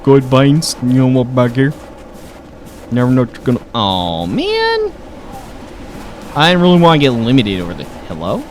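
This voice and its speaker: A man's voice: medium pitch, slight background noise. A man giving casual, joking let's-play commentary, thinking aloud as he goes. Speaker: gaming host.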